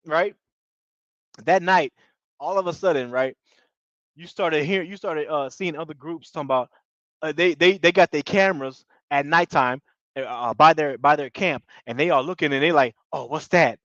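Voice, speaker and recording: Lively high-voiced man recapping a show. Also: no echo. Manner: animated, slangy, laughs often. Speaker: TV show reviewer. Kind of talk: casual recap chat. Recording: dull lo-fi dry audio.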